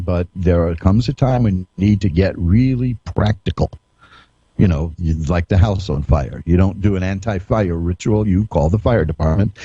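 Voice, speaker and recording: A low, mellow male voice telling homespun stories as a radio psychic host, chuckling and restarting his sentences. The sound is dull and lo-fi, like a streamed radio broadcast. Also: slightly rough, dry recording. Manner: folksy storytelling with chuckles and frequent restarts. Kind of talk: radio monologue, anecdotal.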